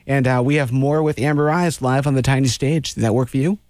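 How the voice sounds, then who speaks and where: An easygoing male radio host reading station plugs and introducing his guests. His voice is medium in pitch and sounds close and dry. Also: fairly even intonation, a little fast, darkish tone, no room sound. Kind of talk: radio interview and station announcements. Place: small radio studio.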